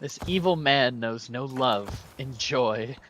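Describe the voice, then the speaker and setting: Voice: medium pitch, takes it slowly, a bit bright, slight background noise. A gamer giving casual gameplay commentary, breaking into melodramatic mock laments, yelps, swearing and laughter at setbacks. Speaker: strategy game streamer.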